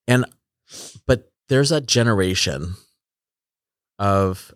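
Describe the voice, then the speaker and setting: A podcast host in his forties speaks in a deep, steady voice at a measured pace, recorded cleanly in a studio with no room sound. The conversation is casual and reflective. He often trails off and begins his sentences again.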